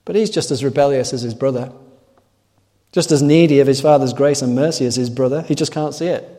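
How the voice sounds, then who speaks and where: Mellow-voiced male preacher in echoing hall. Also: mid-range voice, fairly quick. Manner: earnest, asks rhetorical tag questions. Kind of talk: sermon. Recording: long echoing hall reverb.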